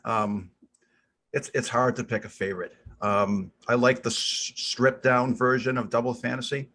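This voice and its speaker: A man's voice: mid-range voice, little pitch movement, normal speed, a bit bright, slight background noise. A middle-aged man with a Boston accent, chatting on a podcast and thinking aloud with lots of ums. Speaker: podcast co-host. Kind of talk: casual chat about music.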